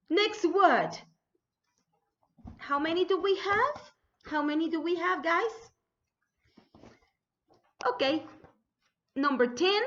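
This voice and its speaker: A woman teacher gives a spelling dictation, enunciating each word slowly and carefully, then saying it again. Her voice sits high and swings widely in pitch. The recording sounds dull and lo-fi. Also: fairly bright tone. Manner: slow, careful enunciation of words; repeats words for students.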